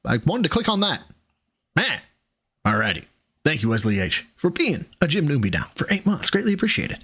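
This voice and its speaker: A man's voice: a little high, big pitch swings, a little fast, fairly bright tone, breathy edge. A man hosting a live stream, reacting to clips with profane, sarcastic anger and thanking viewers. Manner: profane, angry ranting with sarcasm. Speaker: streamer host.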